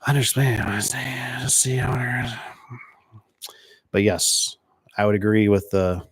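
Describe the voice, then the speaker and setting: A man's voice: medium pitch, unhurried, husky, no room sound. A man who owns a door and gate business, talking casually and rambling, with lots of fillers and "right?" tags, often retelling conversations in quoted dialogue. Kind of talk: casual chat.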